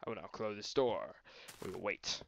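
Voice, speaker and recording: A man's voice: lowish voice, expressive, normal speed, creaky. A young man commenting on his own gameplay in a silly, mock-grand voice, speaking to the animals and trees. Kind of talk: let's play commentary. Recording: noisy amateur recording.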